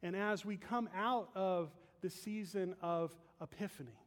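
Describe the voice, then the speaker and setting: A man delivers an earnest, emphatic sermon to his congregation, his voice sitting noticeably high. The sound rings out through a large church space with a long reverb tail. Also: a little slow. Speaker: pastor. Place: church sanctuary.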